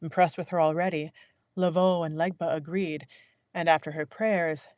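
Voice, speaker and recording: A woman narrating a novel in a live audiobook reading, measured and willing to restart a line. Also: low voice, steady tone, a little mellow, dry recording, studio quality. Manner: measured, restarts lines to correct herself.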